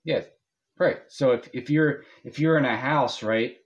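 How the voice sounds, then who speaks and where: A man's voice: mid-range voice, a little slow, muffled recording. A man co-hosting a podcast in casual chat, rambling and hesitant with many restarts. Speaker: podcast co-host.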